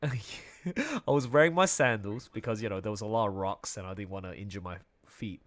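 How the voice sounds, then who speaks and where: A young man telling a personal story in casual conversation, animated, often laughing and restarting his sentences. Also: on the low side, normal speed.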